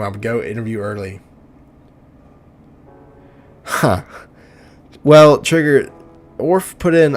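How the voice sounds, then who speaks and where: Joking young man calling league game. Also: medium pitch. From Oklahoma. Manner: joking, laughs often, fumbles names. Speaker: play-by-play commentator. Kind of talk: video game league commentary.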